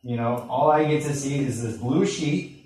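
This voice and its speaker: A man sharing a personal testimony with a live audience, speaking in an earnest, halting way and acting out the voices of the people in his story. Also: medium pitch, a little mellow. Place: large echoey room with an audience. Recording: echoey hall from far off.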